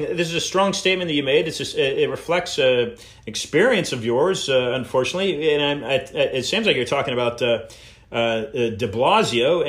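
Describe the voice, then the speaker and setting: A man's voice: mid-range voice, a bit bright. Hesitant male host in an echoey room. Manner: hesitant, full of filler words. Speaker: show host. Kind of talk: interview.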